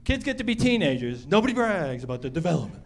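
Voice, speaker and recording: A middle-aged man doing stand-up comedy on a club stage, animated and acting out the people in his stories. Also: a little high, quick pace, vocal fry. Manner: animated, acts out characters.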